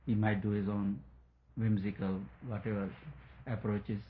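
Man, spiritual talk, storytelling lesson, chuckles often, halting fillers, muffled lo-fi sound. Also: on the low side, flat delivery. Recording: dull lo-fi recording, faint noise.

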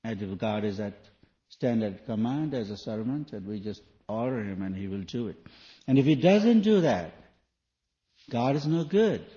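This man, a spiritual teacher, gives a spoken sermon full of rhetorical questions, his phrasing loose and non-native. His mid-range voice is warm and animated, moving at a normal speed, captured on a dull lo-fi 1980s tape recording.

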